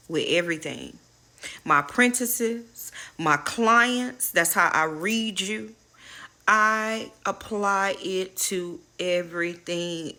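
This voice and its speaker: With a fairly low pitch and a pushed, bright sound, a middle-aged spiritual advisor addresses her channel's viewers as y'all. She casually shares life lessons in an inspirational talk, blunt, preachy, and liberally profane.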